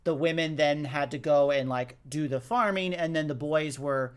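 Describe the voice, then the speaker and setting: A man co-hosting a podcast, chatting casually about a movie and acting out its lines in a lively way. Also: on the high side, moderate pace, clean tone. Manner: animated, acts out movie lines. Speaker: podcast co-host. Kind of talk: casual movie recap chat.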